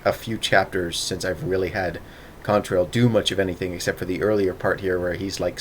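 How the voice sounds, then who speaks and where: A man's voice: low voice, slight background noise. A man hosting a live stream, chatting casually, laughing often and teasing his guest eagerly. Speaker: streamer hosting a story reading.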